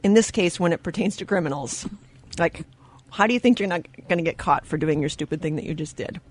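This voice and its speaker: A woman hosting a radio talk show in a studio, telling stories with lively quoted voices and frequent laughter. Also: on the low side, fairly quick. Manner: animated storyteller, acts out quoted voices; laughs often mid-sentence. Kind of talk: casual radio chat.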